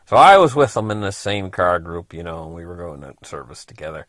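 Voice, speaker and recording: A man's voice: sits low, big pitch swings, fairly quick, fairly bright tone, dry recording. A middle-aged man casually telling a personal story, rambling along with lots of "you know" and frequent chuckles.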